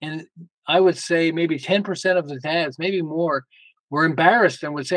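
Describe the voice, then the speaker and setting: Guest male, high voice, emphatic and lively, tells stories, dry close sound. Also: normal speed, no room sound, poor audio. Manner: emphatic, lively storyteller with frequent restarts. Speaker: guest author. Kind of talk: casual interview talk.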